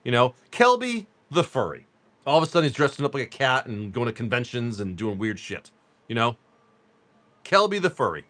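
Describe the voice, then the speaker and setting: A man's voice: mid-range voice, big pitch swings, brisk, fairly bright tone, dry recording. A man chatting casually on a live stream, joking with viewers while he reads off cards. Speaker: card-break livestream seller.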